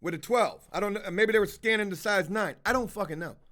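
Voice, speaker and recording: His voice sits high and he talks fast: a man hosting a livestream, casually swearing through a wandering story. He's animated, acting out the dialogue for both sides.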